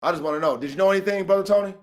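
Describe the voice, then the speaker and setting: A man with a notably high speaking voice delivers a heated, profane rant on his podcast. He talks in a confrontational way, circling back over the same points and calling people out by name. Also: rapid-fire. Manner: profane, confrontational, repetitive, calls out names. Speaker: podcast host.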